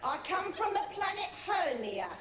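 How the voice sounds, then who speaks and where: A woman's voice: very high voice, very animated, heavy background noise. A woman playing a brash, bossy all-powerful alien in a comedy sketch, rude and mocking. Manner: rude, mocking, slow and loud. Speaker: comic actor in a sketch. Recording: echoey studio, loud audience laughter.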